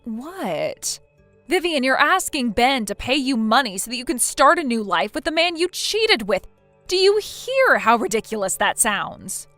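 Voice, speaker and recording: A woman's voice: high voice, big pitch swings, unhurried, a bit bright, no room sound, faint music behind, full character voice. A woman voicing a blunt young female friend in a text-message story, lecturing firmly. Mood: stern. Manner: firm, lecturing.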